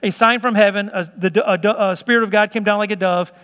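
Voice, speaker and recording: A man preaching a sermon in an emphatic, conversational way, at times dropping to slow, hushed tones. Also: high-pitched, steady tone. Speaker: pastor. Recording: long reverb of a large hall.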